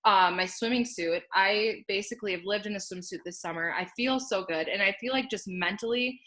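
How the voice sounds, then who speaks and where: A woman's voice: medium pitch, a little fast, bright, forceful tone. A young woman sharing her personal success story from home in an upbeat, chatty way, laughing often and peppering her speech with "like.". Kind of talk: casual personal testimonial.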